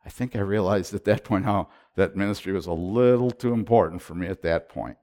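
A middle-aged man preaching a sermon as a pastor, retelling his prayers and moving between hushed and loud delivery, often repeating and restarting his words. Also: on the low side, fast talker, hardly any pauses. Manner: repetitive restarts and stammers when excited. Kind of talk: sermon storytelling.

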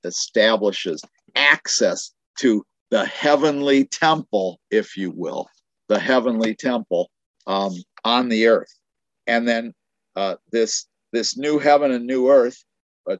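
Man preaching a Bible lesson, lowish voice, explanatory, restarts phrases, dry muffled recording. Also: dry recording. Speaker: Bible teacher. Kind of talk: Bible teaching sermon.

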